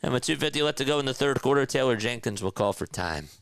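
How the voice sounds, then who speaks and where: Calling a basketball game from his home room as a biased fan, this amateur play-by-play man sounds frustrated and exasperated with his team. His medium-pitched voice is expressive, fast, and a bit bright, recorded on a streaming mic with no room sound.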